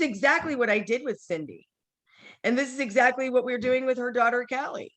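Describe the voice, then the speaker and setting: A woman's voice: on the high side, brisk, fairly bright tone. A woman leading a casual team training call over video, chatty and encouraging, sometimes acting out sample conversations. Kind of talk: casual motivational training talk.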